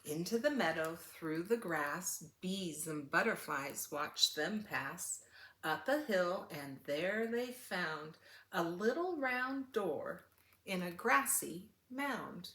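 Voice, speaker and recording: An older woman reading a picture book aloud to children, animated and asking them questions. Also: lowish voice, slow pace, reverberant, slight background noise. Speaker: children's story reader.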